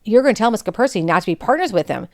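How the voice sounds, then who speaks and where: A woman's voice: medium pitch, animated, rapid-fire, a little mellow, dry recording, clean studio sound, close to an everyday voice. A woman voicing a bossy, possessive teenage girl from her school days. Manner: pushy, ordering.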